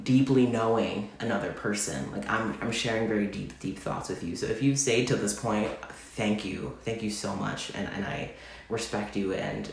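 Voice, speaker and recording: A man in a confessional, casual vlog, speaking gently and heartfelt, rambling with many fillers. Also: lowish voice, gravelly. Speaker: vlogger. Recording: very echoey room.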